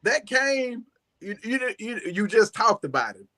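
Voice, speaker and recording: A man, a music artist telling a rambling, animated story as an interview guest, often saying "you know.". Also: high voice, measured pace. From Southern United States.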